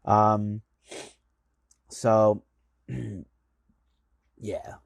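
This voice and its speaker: A man's voice: lowish voice, little pitch movement, drawn-out words, vocal fry, no room sound. A man from the United States, a magazine editor hosting his show, telling a rambling, enthusiastic story full of fillers. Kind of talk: casual storytelling monologue.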